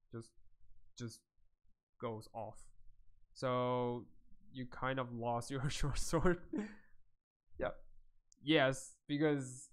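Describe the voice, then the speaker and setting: A man's voice: mid-range voice, smooth. A man narrating as game master of a tabletop game in a loose way, with plenty of fillers and frequent laughs.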